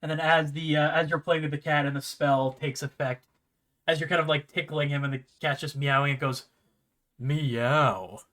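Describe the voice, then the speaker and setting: A man running a tabletop game session, narrating in an easygoing way and laughing often. His voice is fairly high and bright, and he keeps things loose. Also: little pitch movement, brisk. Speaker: game master.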